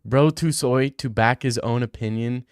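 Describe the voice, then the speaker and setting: Young guy streamer roasting chat, swears a lot, smooth voice. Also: mid-range voice, moderate pace, no room sound, clean studio sound. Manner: joking, teasing, profane. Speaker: livestreamer reading chat. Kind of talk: casual crude stream banter.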